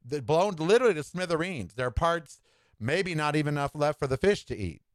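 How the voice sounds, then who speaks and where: A man's voice: animated, brisk, dry recording. A man hosting his own podcast, giving a sassy, opinionated monologue with campy asides and dramatic swings in delivery. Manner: dramatic swings in pitch and tempo. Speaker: podcast host.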